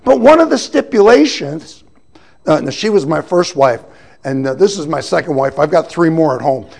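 A man giving a personal testimony, telling his story with animated storytelling and acting out the voices of the people he quotes. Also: a little high, normal speed, creaky. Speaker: testimony speaker.

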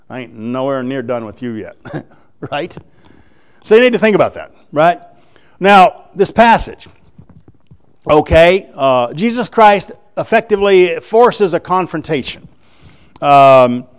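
A man preaching a sermon, explaining scripture in a folksy, animated way and acting out the scenes. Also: a little high, clear, resonant tone. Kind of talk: sermon, Bible exposition.

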